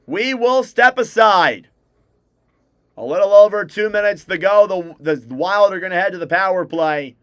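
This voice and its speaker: In clean studio quality with no room sound, a young man's high, clear, resonant voice calls live hockey on a fan livestream. He rapidly shouts out player names as play moves, correcting himself along the way.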